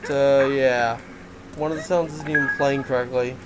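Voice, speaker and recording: A man's voice: mid-range voice, fairly even intonation, moderate pace, very noisy. A man giving a casual game development update, rambling with lots of fillers and frequent laughs.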